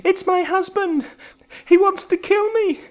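A man voicing a frightened, rich young wife who pleads desperately in a high, tearful falsetto. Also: a little slow. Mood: desperate pleading.

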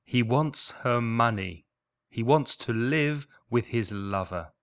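Man, language teacher, slow careful drills, lively pitch, audio lesson. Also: smooth.

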